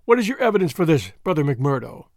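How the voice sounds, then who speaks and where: A man voicing a stern, domineering older lodge boss who speaks in a loud, hearty way. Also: on the high side, very animated, fast, gravelly, no room sound, studio quality, full character voice.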